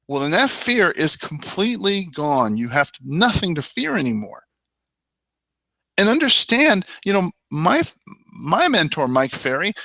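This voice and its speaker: A man's voice: on the high side, pushed and bright, no room sound. A man coaching real estate agents in a webinar, emphatic and persuasive. He talks straight to the listener and often says "I mean" and "you know". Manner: addresses listener directly with rhetorical questions. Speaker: real estate sales trainer.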